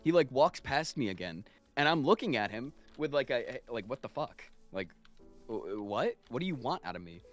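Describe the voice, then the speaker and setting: Animated young man telling a workplace story. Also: medium pitch, normal speed, faint music behind. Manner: animated storyteller, swears freely, exasperated. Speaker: streamer's guest. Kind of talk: casual chat while gaming.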